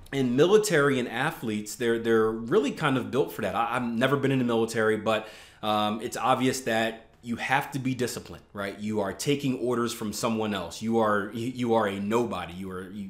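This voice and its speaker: Chatty trading coach man, echoey outdoors. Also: lowish voice. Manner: loose, talkative, many fillers and restarts. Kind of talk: casual video blog. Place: outdoors in a garden.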